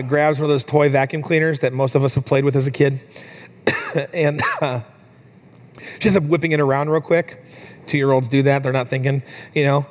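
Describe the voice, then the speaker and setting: Conversational man preaching a sermon. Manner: conversational storytelling with fillers, rising higher and softer in emotional moments. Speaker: pastor.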